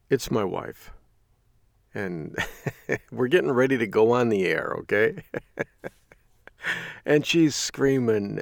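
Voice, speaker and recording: A man's voice: fairly low pitch, creaky, no room sound, studio quality. A middle-aged male host telling a casual folksy story, chuckling often as he talks. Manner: folksy storytelling with frequent laughs. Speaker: radio host. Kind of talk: casual chatty monologue.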